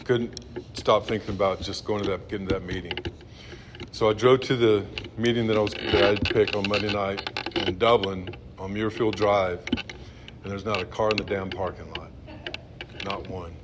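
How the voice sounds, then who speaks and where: Man, fifties, lowish voice, halting and blunt testimony, noisy recording. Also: steady tone. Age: 50s. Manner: halting, restarts, blunt and profane. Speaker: speaker sharing his recovery story. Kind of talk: personal testimony at a meeting.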